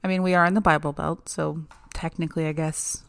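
A woman's voice: low-pitched, level tone, a little fast, vocal fry, no room sound. A woman from Oklahoma co-hosting a podcast in casual chat, joking and swearing freely. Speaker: podcast co-host.

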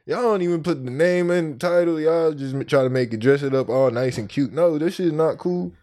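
A man's voice: fairly high pitch, fairly quick, warm tone. A man co-hosting a podcast, joking and retelling stories in profane casual chat. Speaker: podcast co-host.

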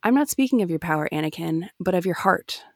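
A woman reading aloud as a calm, wise older male Jedi mentor who speaks gently and reassuringly. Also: lowish voice, fast talker, dry recording, studio quality. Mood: gentle.

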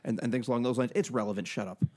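A man's voice: mid-range voice, very fast, a little mellow. A man co-hosting a podcast in casual chat, profane and joking, rambling with many restarts. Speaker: podcast co-host.

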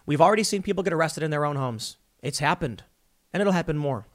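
A man's voice: on the high side, animated, fast. A man giving an opinionated, combative commentary monologue with emphatic delivery. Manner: emphatic and combative, with frequent restarts. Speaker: political commentator.

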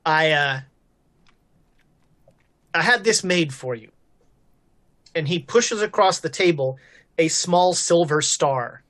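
A woman voicing a courteous, shrewd man who founded the town, speaking slowly and diplomatically. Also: sits low, expressive, a bit bright, full character voice. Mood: wry. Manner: slow, measured, diplomatic.

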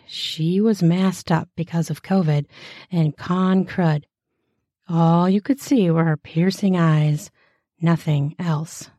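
A woman reading explicit first-person fiction aloud, with a slow, deliberate delivery and crude, mocking asides. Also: on the low side, warm tone, no room sound, clean studio sound.

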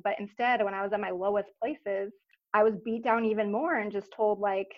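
A woman in her thirties speaks as an interview guest, recounting her own story in an earnest, reflective, soft-spoken way with frequent pauses. Her voice sits at an ordinary middle pitch. The recording sounds slightly dull and muffled. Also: fairly even intonation. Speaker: podcast guest. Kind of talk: personal story in a casual interview.

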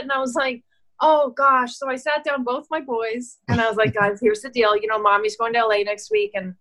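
A middle-aged actress telling stories in a casual interview, animated and laughing, acting out the voices she quotes. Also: on the high side, a little fast, low-quality recording. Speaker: actress and guest.

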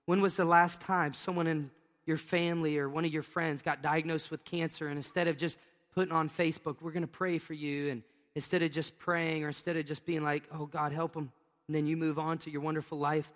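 A man's voice: a little high, steady tone, brisk, fairly bright tone. A middle-aged man preaching a sermon as a pastor, telling stories with joking asides and laughing at his own jokes. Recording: long reverb of a large hall.

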